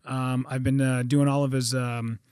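A man in casual podcast chat, telling stories with lively acted-out quotes and frequent swearing. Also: mid-range voice, normal speed, smooth, no room sound, studio quality. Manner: animated storyteller, acts out quotes, swears. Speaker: guest.

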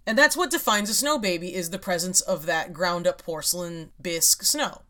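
A woman's voice: lowish voice, normal speed, pushed and bright. A woman hosts a casual podcast chat. She explains her topic in a wry, rambling way, with frequent laughs. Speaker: podcast host.

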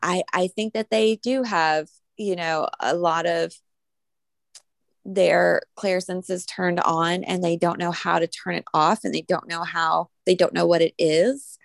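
A woman's voice: lowish voice, vocal fry, dry recording. A woman co-hosting a spiritual podcast, explaining an exercise in a rambling, casual way with many fillers. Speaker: podcast co-host.

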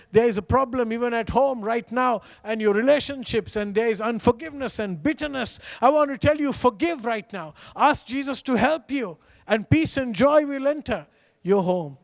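High-voiced pastor preaching in a reverberant hall. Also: male voice. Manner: earnest, pleading, repeats phrases for emphasis. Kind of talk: sermon.

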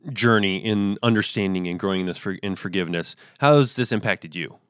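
A man's voice: low-pitched, fairly quick, a bit bright, clean tone, no room sound, studio quality. A man co-hosting a faith podcast who talks in a reflective, summarizing way and often hedges with "like". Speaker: podcast co-host. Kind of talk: casual faith discussion.

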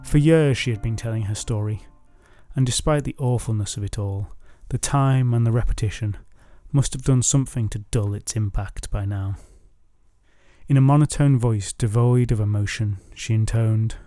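Wry, mellow male storyteller. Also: lowish voice, moderate pace, no room sound, studio quality. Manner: wry, jokey asides. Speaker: storyteller and podcast host. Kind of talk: comic myth retelling.

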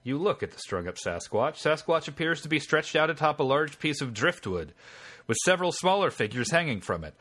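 A man narrates a text adventure game aloud with a lively, rising and falling delivery. His voice is bright and forward, and he slips between reading the game's lines and joking with his friend. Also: fairly high pitch, a little fast. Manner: reads game text aloud, then chats and jokes.

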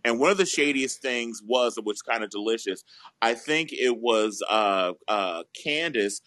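A man's voice: mid-range voice, animated, fairly bright tone, no room sound. A man co-hosting a casual chat show, gossiping and joking about a reality series. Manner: gossipy, joking, quick asides. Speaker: podcast co-host.

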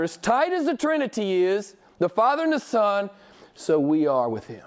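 A middle-aged pastor preaching a sermon, emphatic and questioning his congregation, jumping high in pitch when he quotes people. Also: very animated, moderate pace. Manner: emphatic, rising high when quoting others.

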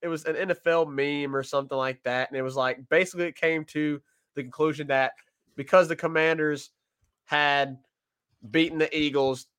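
A man's voice: a little high, fairly even intonation, normal speed, a bit bright, smooth. A man co-hosting a sports podcast, chatting casually and often laughing, with plenty of fillers.

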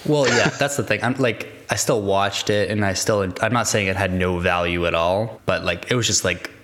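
A man co-hosting a casual chat, relaxed and easygoing, leaning on "like" as he talks. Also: lowish voice, moderate pace. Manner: relaxed, heavy use of "like", easygoing laughs. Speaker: podcast co-host.

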